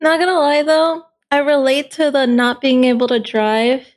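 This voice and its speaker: A woman's voice: high voice, flat delivery, normal speed. A woman in her twenties in casual, giggly, easygoing chat while reacting to a video. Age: 20s.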